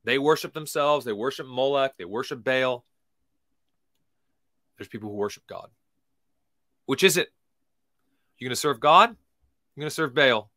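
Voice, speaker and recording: A man with a bright, forceful voice delivers preachy commentary as a podcast host. He is emphatic and swings from loud to quiet. The sound is dry and close. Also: medium pitch, lively intonation, no room sound. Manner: reads scripture aloud slowly.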